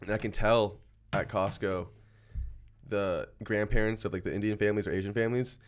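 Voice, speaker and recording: Young man telling animated stories. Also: on the low side, a little fast. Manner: animated, laughing storyteller. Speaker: podcast guest. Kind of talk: casual storytelling chat.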